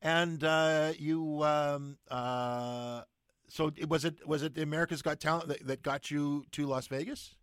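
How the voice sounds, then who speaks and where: A man's voice: a little high, steady tone, a little slow, fairly bright tone, clean tone, dry recording, clean studio sound. A man hosting a radio interview, asking questions with lots of hesitation and fillers. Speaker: radio host.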